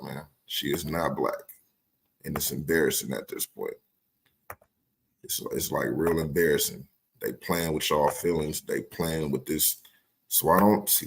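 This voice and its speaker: A man's voice: extremely low pitch, normal speed, gravelly, a little hiss or hum. A man chatting bluntly and profanely on a podcast, often laughing. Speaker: podcast co-host. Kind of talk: profane casual reaction chat.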